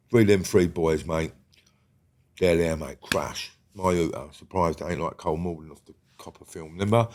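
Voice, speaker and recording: Middle-aged man, lowish voice, blunt street storyteller, swears freely. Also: a little mellow. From England. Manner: blunt and sweary, peppers talk with "mate" and "yeah?". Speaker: guest, former prisoner. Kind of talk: candid storytelling interview.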